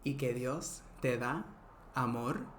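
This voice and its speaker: A woman's voice: very deep voice, slow, slight background noise. A woman hosting her own podcast in a casual, profane, blunt monologue, dropping Spanish phrases between English lines. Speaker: podcast host. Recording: roomy echoey room.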